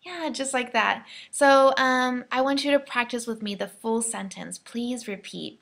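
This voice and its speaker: A young American woman leads a pronunciation lesson, speaking slowly and deliberately so learners can copy her. Her voice sits fairly high with a gravelly, creaky edge. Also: a bit bright. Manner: slow, careful modelling of words for learners to repeat. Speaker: English pronunciation teacher.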